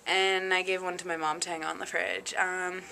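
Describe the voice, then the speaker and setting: A woman's voice: lowish voice, flat delivery, normal speed, gravelly, bright, forceful tone, slight background noise. A young woman chatting casually in a home vlog, giggly and full of ums and likes. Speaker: vlogger.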